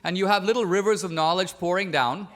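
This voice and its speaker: A man from India arguing a point in a formal debate, measured and pointed, pressing his opponent with questions. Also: high voice, fairly bright tone. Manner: measured, pointed, cross-examining. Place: debate stage in a large hall.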